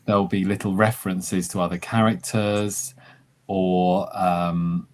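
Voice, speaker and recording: A novelist speaks in a very deep voice over a video call. He answers hesitantly, leaning on fillers while he thinks. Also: level tone, a little slow, a little mellow. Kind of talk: conversational interview answers.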